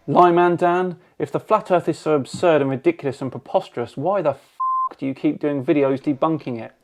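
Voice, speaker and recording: A man from England hosting a channel, reading hostile viewer comments aloud with dry, sarcastic replies. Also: mid-range voice.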